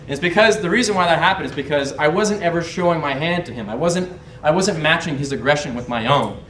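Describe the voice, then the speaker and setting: A young man with a fairly high voice, talking a little fast, gives a casual storytelling lesson as a body language and dating instructor. His story is candid and brash, with swearing and laughter, captured by a distant mic in a roomy space amid background noise.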